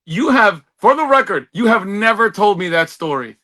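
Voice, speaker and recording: A man co-hosting a casual podcast, excitable and chatty, saying dude and bro a lot. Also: sits high, moderate pace. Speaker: podcast co-host. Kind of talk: casual chat.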